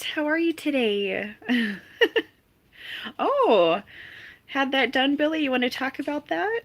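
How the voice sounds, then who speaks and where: Fairly high in pitch and fairly bright, this woman's voice hosts a casual live stream. She reads and responds to viewers' comments, giggling and laughing frequently between greetings.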